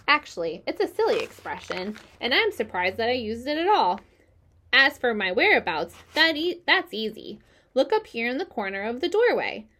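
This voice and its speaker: A woman voicing a kindly, calm female spider who speaks gently in a storybook reading. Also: a little high, heavily acted. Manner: gentle, kindly, mildly formal.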